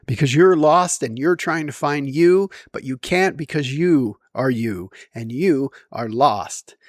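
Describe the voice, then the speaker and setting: A man's voice: medium pitch, no echo, clean studio sound. A middle-aged man musing at home in a rambling, wry, self-deprecating monologue. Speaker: vlogger.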